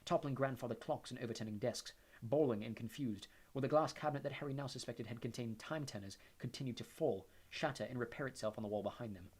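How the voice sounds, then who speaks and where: A man narrating an audiobook in a steady storytelling manner. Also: medium pitch, quick pace, few pauses, slightly rough. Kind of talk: audiobook reading.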